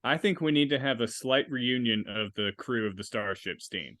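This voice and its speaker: A man co-hosting a casual podcast chat, soft-spoken and trailing off quietly. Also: medium pitch, moderate pace, no echo, studio quality. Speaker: podcast co-host.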